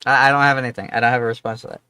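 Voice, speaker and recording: A man's voice: mid-range voice, steady tone, rapid-fire, bright, forceful tone, clean tone, no echo. A man streaming a game, chatting casually in a rambling, profane, offhand way. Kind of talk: casual livestream chat.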